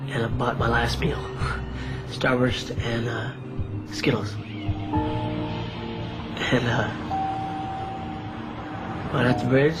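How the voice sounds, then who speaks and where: A man's voice: mid-range voice, flat delivery, drawn-out words, pauses often, over loud music, rough recording. A man telling a personal story in a plainspoken, matter-of-fact way.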